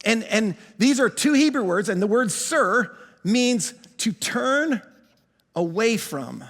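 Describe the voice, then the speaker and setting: A high-pitched male pastor preaching in a big church auditorium, his words trailing off into a long echo. He leans hard on his key phrases and repeats himself for emphasis, stretching certain words out slowly. His lines reach the room through a stage microphone. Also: lively intonation, fairly bright tone. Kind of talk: sermon.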